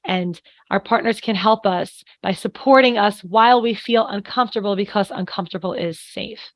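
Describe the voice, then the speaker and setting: A woman's voice: medium pitch, moderate pace, dry recording. A middle-aged woman coaching on anxiety, chatting earnestly on a podcast and telling stories with quoted lines. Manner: earnest, explains with anecdotes and acted-out quotes. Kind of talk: casual podcast conversation.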